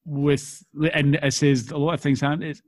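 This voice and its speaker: A man in casual conversation, giving earnest, measured opinions. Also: fairly high pitch, flat delivery, no room sound. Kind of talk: casual chat.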